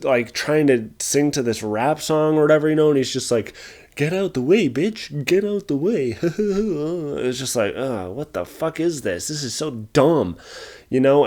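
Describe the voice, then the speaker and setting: A young man giving a casual spoken movie review, exasperated, rambling, and swearing often. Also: fairly high pitch. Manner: animated, rambling with restarts.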